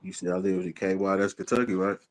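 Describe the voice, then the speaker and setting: A man with a very low, deep voice hosts a casual livestream. He talks in a relaxed, slangy way, greeting viewers by name and reading their comments aloud. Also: fast talker, rough recording. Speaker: livestream host.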